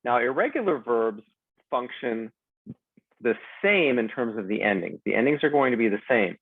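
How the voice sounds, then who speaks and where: A man teaching a recorded grammar lesson, drilling verb forms slowly and carefully. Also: medium pitch, expressive, creaky, dry recording, phone-quality sound. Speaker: Spanish teacher.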